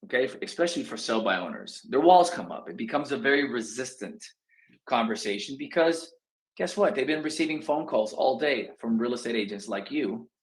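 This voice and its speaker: A man coaching real estate students in a casual talk, acting out phone calls in quick asides. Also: medium pitch, expressive, poor audio.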